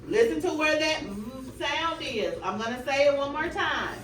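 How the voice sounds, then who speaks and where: A young woman student teacher leading a class in a phonics drill, with clear, drawn-out prompts and quick praise, recorded in a classroom by a camera at a distance. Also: sits high, expressive, fairly bright tone. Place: classroom full of children. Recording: echoey, distant classroom recording with background noise.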